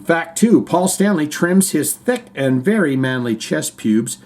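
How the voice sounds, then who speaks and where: A man's voice: fairly high pitch, lively intonation, measured pace, a little mellow. A man hosting a casual livestream podcast, reading viewer comments aloud in a rambling, joking way with the odd swear.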